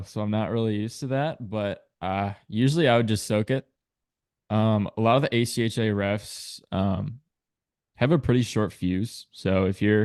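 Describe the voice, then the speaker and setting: A young man in his twenties with a Chicago accent talks in an easygoing, rambling way, leaning on "I mean" and "dude." His voice sits on the low side, and the recording is very dry and close. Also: darkish tone, clean tone, no room sound. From Chicago area. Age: 20s. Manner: laid-back, fillers like "I mean" and "dude". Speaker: guest hockey player. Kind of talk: casual podcast chat.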